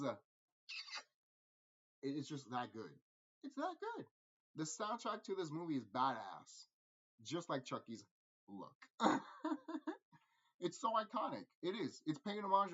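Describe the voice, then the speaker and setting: A man rambling through a casual movie review, profane and animated, laughing often. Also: a little high, husky, dull audio.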